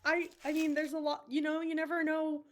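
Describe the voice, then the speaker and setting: High-voiced joking woman player. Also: level tone, a little hiss or hum. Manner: joking, quick asides, laughs at own puns. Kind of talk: in-character tabletop role-play chat.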